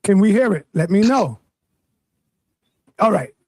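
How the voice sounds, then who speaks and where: A man streaming live, commenting on a clip to his viewers in an animated, indignant way. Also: sits high, measured pace.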